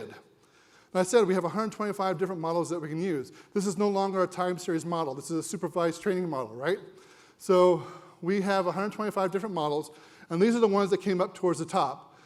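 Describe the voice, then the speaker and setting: High-voiced man giving a chatty conference talk. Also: a little mellow. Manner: conversational, jokey, asks the audience questions. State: a little winded. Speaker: conference presenter. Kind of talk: live conference presentation. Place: conference room with audience.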